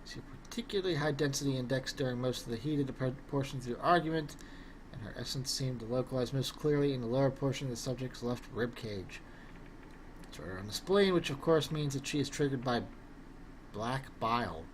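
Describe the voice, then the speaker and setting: A man's voice: medium pitch, brisk, a little hiss or hum, close to an everyday voice. A man voicing a detached male scholar who examines souls in a clinical tone. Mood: analytical.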